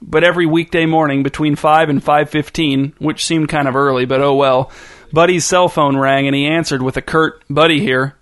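A man's voice: fairly high pitch, fairly even intonation, moderate pace, fairly bright tone. A man reading a story aloud as narrator in a dry, wry manner.

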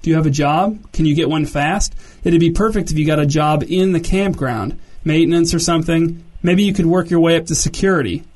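A man voicing an eager, scheming teenage girl who lays out plans in a quick enthusiastic run. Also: fairly high pitch, a little mellow, lightly acted. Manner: rapid, enthusiastic planning.

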